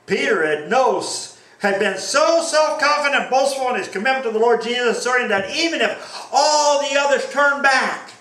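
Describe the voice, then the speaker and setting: Animated preacher in an echoey church. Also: male voice, very high voice, normal speed, few pauses, distant mic. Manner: animated preaching, acts out quoted scripture. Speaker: pastor. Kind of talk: sermon.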